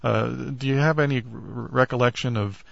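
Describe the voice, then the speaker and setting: A male interviewer asking halting questions, searching for his words. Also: medium pitch, fairly even intonation, gravelly, dry recording. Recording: dull lo-fi recording.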